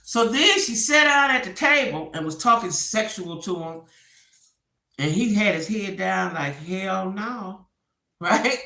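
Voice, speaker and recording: Retelling a story as casual gossip commentary, this woman animates it by acting out the quotes. She speaks a little slowly in a mid-range voice, and the sound is roomy.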